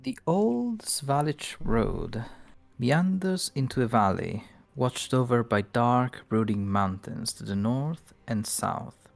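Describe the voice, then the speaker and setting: Gravelly, unhurried male game master. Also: mid-range voice, animated. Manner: unhurried, pauses to look things up. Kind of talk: narrating a tabletop game.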